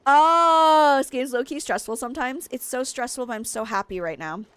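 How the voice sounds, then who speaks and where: A young woman streaming a game, frantic and excitable, laughing at her own stress. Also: a little high, brisk. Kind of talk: gameplay commentary.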